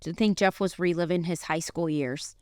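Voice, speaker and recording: Chatty woman podcast co-host, smooth and clear, dry close mic. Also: fairly low pitch, no echo. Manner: chatty storyteller, quick asides and laughs. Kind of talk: casual chat.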